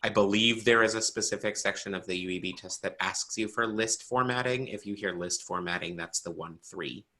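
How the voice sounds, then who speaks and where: A man teaching a braille class online, explaining step by step in a playful, animated way and quizzing his students. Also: fairly low pitch, brisk, few pauses.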